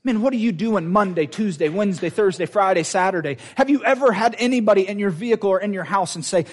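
A man preaching a sermon, animated and personal, often laughing and restarting his sentences. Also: high voice, quick pace, hardly any pauses.

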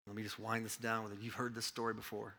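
A man preaching a sermon as pastor, swinging between loud urgent preaching and hushed, intimate asides. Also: fairly low pitch, level tone, fast, big-room sound.

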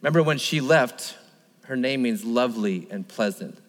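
Male pastor delivering an emphatic, questioning sermon at a medium pitch, with reverb from a large hall. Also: expressive, moderate pace. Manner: emphatic, repetitive, asks the listeners rhetorical questions.

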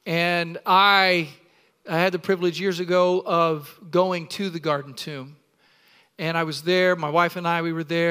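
A man's voice: a little high, steady tone, unhurried, sharp tone, smooth. A middle-aged male pastor preaching a sermon in a church, exuberant and playful, calling on the congregation to respond.

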